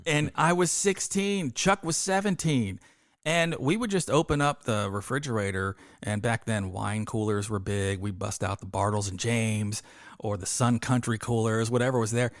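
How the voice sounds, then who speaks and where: A man in his fifties with a fairly low voice trades stories on a podcast, putting on the voices of people he quotes. The sound is dry and close to the mic. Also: moderate pace, no echo. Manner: animated, acts out quoted voices. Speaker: podcast co-host. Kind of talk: casual storytelling chat.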